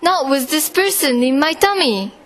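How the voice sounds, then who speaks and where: Woman doing a shrill, pleading little child. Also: expressive, moderate pace, a bit bright. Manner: high, pleading and emphatic. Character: small insistent pleading child.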